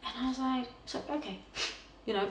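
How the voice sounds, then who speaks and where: A woman's voice: fairly high pitch, normal speed, slight background noise. A woman from Romania, a podcast guest telling stories in casual talk, fillers like "like" and "you know" throughout. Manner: animated storyteller, heavy use of "like" and "you know". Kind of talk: casual conversation. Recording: echoey room, mic at a distance.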